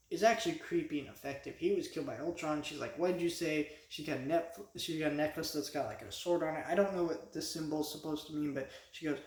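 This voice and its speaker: A man's voice: a little high, roomy sound. A man giving a casual spoken review as a vlogger, rambling with many restarts and fillers.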